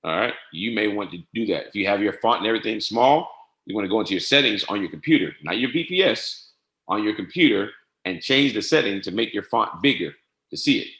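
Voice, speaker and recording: A man giving a casual screen-share tutorial on trading software, often saying "all right" and spelling codes out slowly. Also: fairly low pitch, lively intonation. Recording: echoey room.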